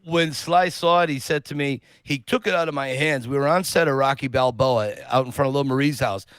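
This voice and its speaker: A man on a podcast telling an animated personal story, acting out the people he quotes. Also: medium pitch, brisk, clean tone, dry recording. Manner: lively anecdote teller who acts out quotes. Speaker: podcast guest.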